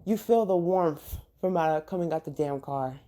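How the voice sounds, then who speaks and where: A woman hosting a podcast, telling a comic story in an animated, profane, conversational way. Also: low voice, moderate pace. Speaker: podcast host.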